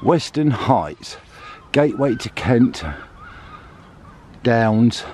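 A man's voice: medium pitch, animated, extremely slow, darkish tone, slight background noise. A man vlogging casually as he walks and climbs outdoors, chatty and joking about being out of breath. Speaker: family vlogger. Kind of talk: casual vlog narration while walking. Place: outdoors in a town and on clifftops.

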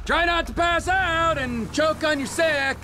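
An actor playing a volatile, foul-mouthed middle-aged criminal with a gravelly, menacing manner in a video game. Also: male voice, very high-pitched, a little slow, sharp tone, a little hiss or hum, exaggerated voice. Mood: mocking. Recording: game audio under music.

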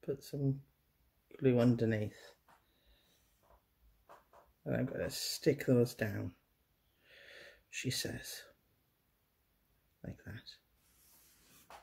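A woman's voice: rumbling low, drawn-out words, vocal fry, long pauses, dark tone. A woman hosting a casual baking tutorial, chatty and self-deprecating, often dropping to a murmur as she works. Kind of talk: casual hands-on demonstration.

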